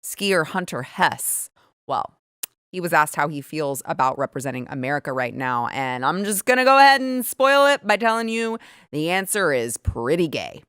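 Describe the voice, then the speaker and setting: A woman's voice: sits low, big pitch swings, moderate pace, a bit bright, clear, resonant tone, dry recording, clean studio sound. A woman hosting political commentary, talking in a sarcastic, indignant way with frequent restarts. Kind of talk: opinionated commentary.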